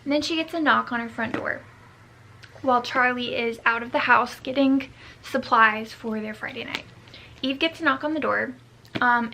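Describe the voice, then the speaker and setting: Young woman book vlogger, bright and slightly high, rambling casual chat. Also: gravelly, slight background noise. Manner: rambling, scattered, self-mocking asides. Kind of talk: casual reading vlog chat.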